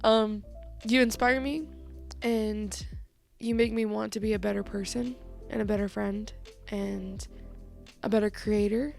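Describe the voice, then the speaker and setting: A woman's voice: mid-range voice, steady tone, unhurried, gravelly, soft background music. A young woman giving a heartfelt, teary message to her best friend and co-host, laughing and swearing casually. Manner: emotional, laughing through tears, casual swearing.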